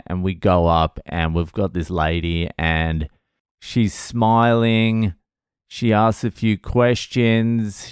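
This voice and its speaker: A middle-aged man, a comedian, tells a story to camera in a casual vlog with a sardonic, profane edge. His voice is deep and resonant, and he takes an unhurried pace. The sound is dry and close, with no room echo. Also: smooth.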